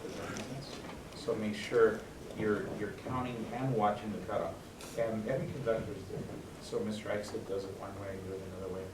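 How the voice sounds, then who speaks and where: Off-mic and against a noisy background, a man with a fairly low voice leads a school band rehearsal in a roomy space as the band plays. He gives instructions between passages in a coaching manner, frequently asking whether it makes sense.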